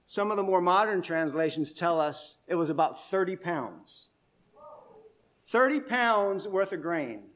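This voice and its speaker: A man's voice: sits high, animated, unhurried, a bit bright. A male pastor preaching an expository sermon, explaining step by step in a conversational way and putting questions to his listeners.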